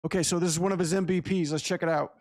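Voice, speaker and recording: A man hosting a casual animation review, excitable and full of profane slang. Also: a little high, rapid-fire, a crowd in the background. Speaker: animation reviewer, channel host.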